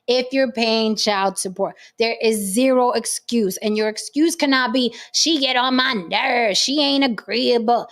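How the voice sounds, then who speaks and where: A woman hosting a livestream talk show, speaking bluntly and emphatically with frequent profanity. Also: fairly high pitch. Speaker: host.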